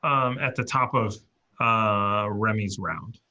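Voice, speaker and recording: Bright-voiced male dungeon master. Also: lowish voice, slow, highs cut off. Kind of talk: running a tabletop game.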